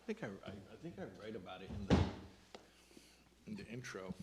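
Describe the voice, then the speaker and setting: A man, a rabbi and advice columnist, talking in a thoughtful, halting way with many restarts, then reading aloud from his own writing. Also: on the low side, sing-song, darkish tone, slight background noise. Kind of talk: conversational talk, reading aloud.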